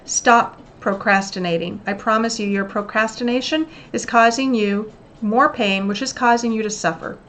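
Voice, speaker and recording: A woman's voice: on the high side, moderate pace, a bit bright, slight background noise. A woman hosting a motivational self-help talk, coaching listeners earnestly and acting out little examples. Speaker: host.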